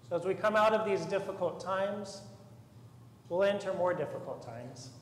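A man's voice: high-pitched, normal speed. A man, a priest, giving an earnest and emphatic sermon in a church. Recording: echoey church with long reverb, faint room noise.

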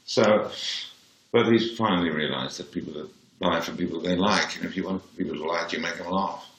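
A very low-pitched Englishman in his seventies speaks with a plummy accent. He tells anecdotes in a dry, blunt way, and his voice rings in an echoey room. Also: a little fast, fairly bright tone. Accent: posh English, Birmingham-born. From England. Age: 70s. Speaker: interview guest. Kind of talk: anecdotal interview.

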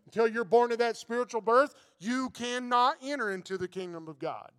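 A pastor delivering an emphatic sermon in a high, smooth, resonant voice. He reads scripture aloud and drives his points home with repeated exhortations, while his words trail off in the long reverb of a large church. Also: brisk, fairly bright tone.

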